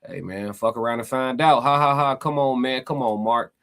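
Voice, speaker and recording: A man hosting a casual livestream, reading chat comments aloud and pushing back in emphatic, slangy, animated talk. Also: mid-range voice, moderate pace. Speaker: podcast host reading live chat.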